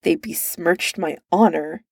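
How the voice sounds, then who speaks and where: A woman's voice: fairly low pitch, slow pace, no room sound, studio quality, heavily acted. A woman doing a sullen, drunk young crown prince. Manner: gruff, snappish.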